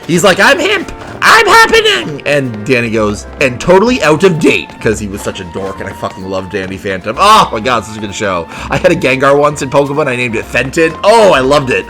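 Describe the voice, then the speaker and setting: A man talking casually while playing a video game, chatty and excitable. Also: medium pitch, fairly quick, few pauses, faint music behind. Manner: chatty, excitable, reads game dialogue aloud. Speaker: gaming video host. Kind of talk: casual let's play commentary.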